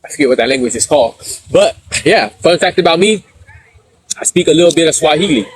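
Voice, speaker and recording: A middle-aged man from San Diego hosts a relaxed live stream. He reads viewer comments aloud and tells stories in street slang, laughing often. His voice sits a little higher than most men's. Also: fast, slightly rough. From San Diego, USA. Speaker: livestreamer reading chat. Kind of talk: casual live stream chat.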